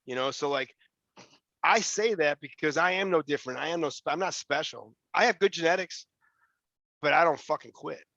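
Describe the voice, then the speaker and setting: Brief: fast-talking man, blunt and profane, slightly higher voice, dry and muffled sound. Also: pushed and bright, no echo. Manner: blunt, profane, repeats words when he starts a sentence. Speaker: guest. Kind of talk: motivational interview talk.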